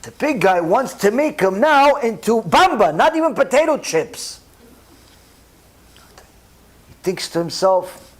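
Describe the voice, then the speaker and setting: A rabbi giving a sermon, telling stories with emphatic repetition and animated delivery. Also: male voice, sits high, a little slow. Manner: repeats phrases for emphasis.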